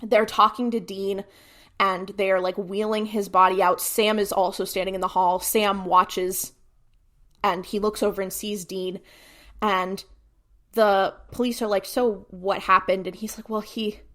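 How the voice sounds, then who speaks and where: Speaking unhurriedly in a mid-range voice, this podcast co-host gives a laid-back episode recap. She animatedly performs what the characters said, peppering it with plenty of "like".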